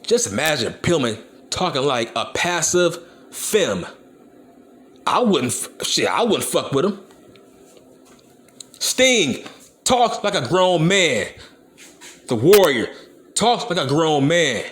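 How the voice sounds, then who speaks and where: This wrestling rant comes from a young channel host from Compton, California, who speaks bluntly and curses freely. His fairly bright, highish voice has big pitch swings, and he talks slowly with long pauses.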